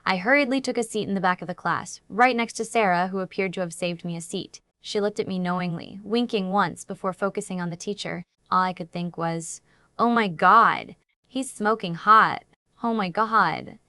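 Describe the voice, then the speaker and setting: A woman narrating a dramatic first-person story in an even storytelling manner. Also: fairly low pitch, a little fast, hardly any pauses, no room sound, studio quality. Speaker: audiobook narrator.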